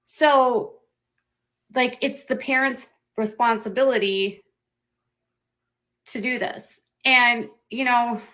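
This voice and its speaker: A woman hosting a live stream, talking earnestly about a serious issue in quick bursts. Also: on the high side, steady tone, a bit bright, poor audio. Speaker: livestream host. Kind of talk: serious commentary on a social issue.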